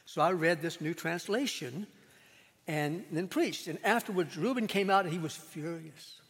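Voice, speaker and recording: A male pastor tells a story from the pulpit in a fairly high voice, conversational and unhurried, dropping into quiet asides now and then. A long reverb from a large hall trails each phrase. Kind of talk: storytelling sermon.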